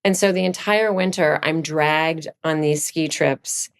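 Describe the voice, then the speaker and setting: A middle-aged woman from Virginia, a podcast guest, chatting casually and telling animated stories, leaping up in pitch for quoted lines. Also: a little slow, clear, resonant tone. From Virginia, USA. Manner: animated storyteller, jumps high for quoted lines. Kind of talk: casual chat.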